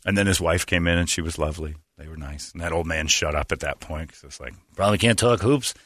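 A middle-aged man hosting a casual comedic chat, telling stories with loud high-pitched impressions of other people. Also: level tone, fast, dry recording, studio quality. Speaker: podcast host.

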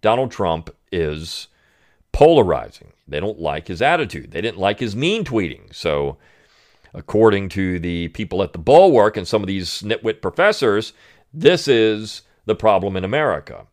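Sarcastic man with a lively voice. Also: lowish voice, moderate pace. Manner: sarcastic, mocking. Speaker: podcast host. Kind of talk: political commentary monologue.

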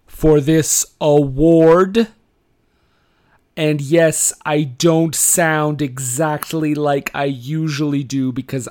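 A man impersonating a famous male actor with a deliberately bad, very slow, deadpan delivery. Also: on the high side, smooth. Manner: very slow, drawn-out, flat delivery.

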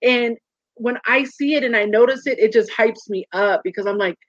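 A woman in her thirties speaks as a guest in a candid interview, earnest and animated, slipping into other people's voices as she tells stories. Her voice sits fairly high. The sound is dry and muffled, like a lo-fi video call. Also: normal speed, no room sound.

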